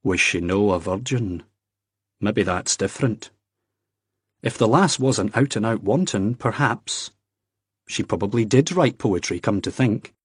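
A man's voice: fairly low pitch, expressive, measured pace, husky, no room sound, clean studio sound. A man voicing a brash young Scottish man who talks bluntly and teasingly, with a Scottish accent. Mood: prying.

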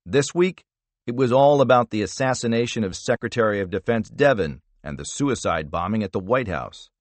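A man narrating a thriller audiobook in a steady, measured reading style. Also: lowish voice, no echo. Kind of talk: scripted narration.

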